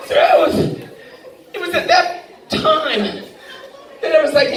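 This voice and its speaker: A woman's voice: high voice, lively intonation, unhurried, long pauses, some chatter behind. A woman doing a stand-up comedy set, brash and profane, often laughing through her punchlines. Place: large indoor hall at a live benefit show. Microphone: phone camera from the audience, far from the stage. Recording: echoey hall recorded from far off. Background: audience laughter and room noise.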